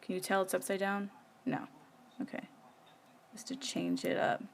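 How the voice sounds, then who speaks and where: A woman's voice: medium pitch, very animated, moderate pace, slight background noise. A woman, chatting casually while she works on her planner during a live stream, rambling with many fillers. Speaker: planner vlogger. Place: home.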